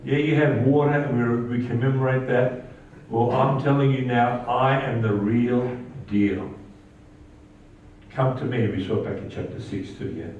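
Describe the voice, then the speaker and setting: Animated preacher in an echoey church. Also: male voice, measured pace, slight background noise. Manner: animated preaching, rising pitch on quoted lines. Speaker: pastor. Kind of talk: sermon. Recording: echoey church hall, distant mic, dull sound.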